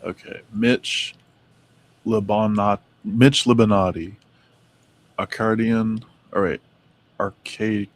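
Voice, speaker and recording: A man's voice: lowish voice, steady tone, slow, pauses often. A man co-hosting a casual talk, reading notes aloud and stumbling over names. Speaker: co-host reading Mandela effect notes. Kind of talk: casual chat.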